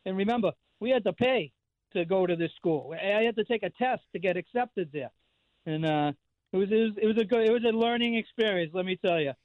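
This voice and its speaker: High-pitched and brisk, this man's voice comes through dull audio with no echo. In his fifties and from the Boston area, he's a regular radio call-in guest whose casual chat rambles on with lots of fillers and restarts.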